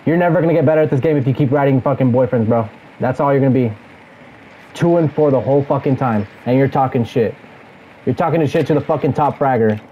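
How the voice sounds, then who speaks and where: A man's voice: mid-range voice, quick pace, muffled recording, slight background noise. A young man gaming, taunting a teammate over voice chat with aggressive, repetitive insults. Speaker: gamer streaming a match. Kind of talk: trash talk over game voice chat.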